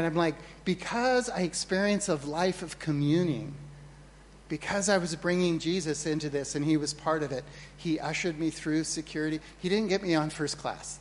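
Guy pastor preaching, earnest storyteller, bit high voice, long hall echo and faint hum behind. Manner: earnest, storytelling, animated in anecdotes. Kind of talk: sermon. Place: church hall.

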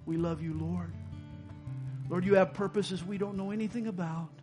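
A man's voice: sits high, steady tone, normal speed, over music. A man preaching a sermon as pastor, urging the congregation to repeat a saying and then leading a closing prayer. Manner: emphatic, rising to calls for congregation response.

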